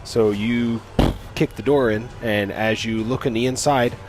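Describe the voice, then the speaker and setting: A man's voice: mid-range voice, steady tone, a little slow, music in the background. Casual man running a tabletop game. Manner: casual, hesitant with many fillers. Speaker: dungeon master.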